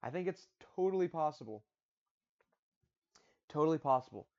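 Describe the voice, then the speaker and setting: A man's voice: a little high, expressive, normal speed, darkish tone. Give me a rambling man casually running through fight predictions, repeating himself, on dull lo-fi audio. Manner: rambling, repeats his picks, stumbles on restarts. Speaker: MMA predictions channel host.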